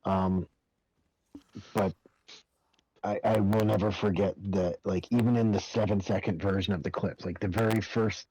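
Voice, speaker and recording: A man's voice: on the low side, steady tone, normal speed, pauses often, warm tone, slight background noise, poor audio. A man on a voice call with friends, recalling a gaming clip in a rambling, stop-start way. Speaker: gaming friend sharing memories. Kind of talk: casual group voice chat.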